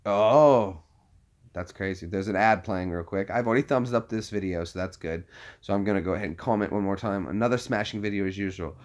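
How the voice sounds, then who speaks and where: A man's voice: low voice, a little fast, a little mellow. A man talking casually to his camera as a vlogger, rambling and chuckling as he thinks aloud while clicking around. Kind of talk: casual vlog chat.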